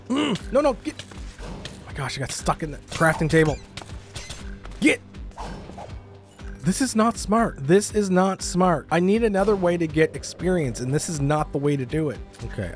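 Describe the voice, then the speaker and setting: A man narrating and reacting live as a gaming YouTuber, excitable and quick to cry out in alarm. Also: mid-range voice. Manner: excitable, lots of startled exclamations. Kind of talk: let's-play commentary with narration.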